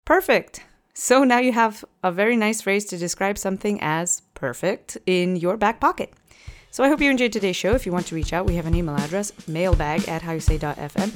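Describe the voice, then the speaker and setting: A woman hosting a language podcast, teaching phrases with patient, clear pronunciation drills. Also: mid-range voice, brisk, soft background music. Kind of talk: scripted language lesson.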